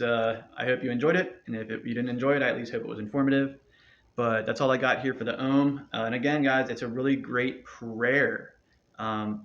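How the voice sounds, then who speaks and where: Man, meditation teacher, loose encouraging delivery, mid-pitched, dull lo-fi recording. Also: fairly bright tone. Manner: loose, rambling, encouraging, with many fillers. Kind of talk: casual spoken instruction. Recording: dull lo-fi sound.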